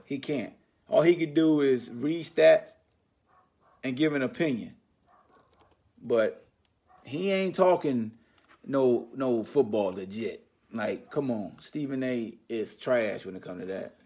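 A man hosting a sports podcast, riffing in an animated, slangy, mocking way. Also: medium pitch, takes it slowly, long pauses. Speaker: podcast host. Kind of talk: casual sports commentary monologue.

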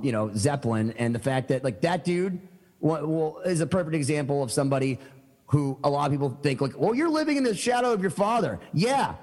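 A man's voice: on the high side, a little mellow, in a large hall. A man telling stories as a podcast guest, eager and rambling, with many fillers and restarts. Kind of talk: casual storytelling chat.

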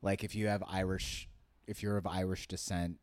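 A man's voice: low-pitched, level tone, moderate pace, a little mellow, clean tone, dry recording. A man in casual podcast chat, thinking aloud with many restarts and asking wry questions.

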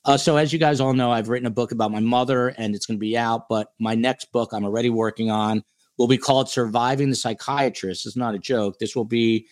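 A man's voice: medium pitch, steady tone, fairly quick. A man hosting a podcast livestream in a casual, joking, playfully boastful way, with a New Jersey accent. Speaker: podcast host.

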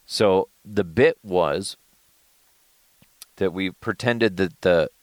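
A man hosting a podcast in casual solo talk, animated and joking, rambling through stories. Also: low-pitched, no room sound. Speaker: podcast host.

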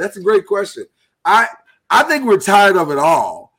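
A man hosting a live talk show, speaking earnestly and haltingly while he holds back emotion. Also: high-pitched, wildly swooping pitch, a bit bright, slightly rough. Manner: earnest, halting, with many restarts. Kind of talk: casual live-stream talk.

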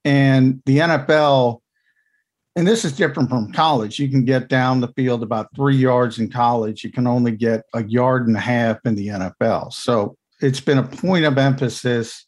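A man of medium pitch talks through football in a relaxed podcast chat. He is an insider who explains each point in chatty runs, with quick asides along the way. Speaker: team insider analyst. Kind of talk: casual podcast analysis.

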